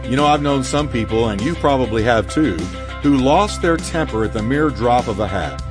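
A man preaching a sermon to a congregation, emphatic and dramatic, slowing down and speeding up for effect. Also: animated, long reverb tail, over music. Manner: emphatic preaching with sweeping pitch swings and dramatic slowdowns. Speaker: pastor. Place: church sanctuary.

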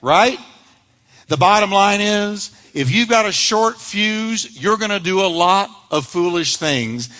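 A man preaching a sermon as pastor, telling stories with lively acted-out voices. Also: high-pitched, slow. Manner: animated storytelling preacher, acts out quoted voices. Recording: long hall reverb.

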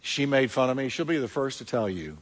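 A man's voice: medium pitch, animated, a little fast. A man pastor preaching a sermon, telling a story in an emphatic way.

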